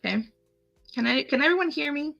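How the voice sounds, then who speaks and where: A woman's voice: high-pitched, animated, fairly quick, creaky, fairly bright tone, muffled recording, faint music behind. A woman hosting a casual live craft tutorial, chatting to herself and her viewers as she works through the steps on screen. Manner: chatty, talks to herself and viewers while clicking. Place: home setup, live stream.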